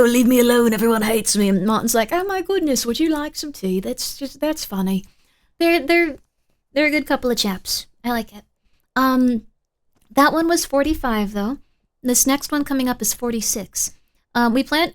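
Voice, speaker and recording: Chatty woman streamer, fairly high voice. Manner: chatty, rambling with many fillers. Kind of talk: casual live-stream chat.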